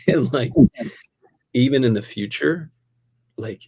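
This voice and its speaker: A man, a pastor, telling a personal story in a casual podcast conversation, animated, laughing often and tossing in "man" and "dude". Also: medium pitch, slow, creaky, pauses often, breathy edge.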